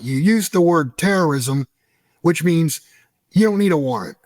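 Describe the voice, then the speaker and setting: A middle-aged American man telling a story as an interview guest, animated and profane, acting out the dialogue. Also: a little high, measured pace, no room sound. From United States.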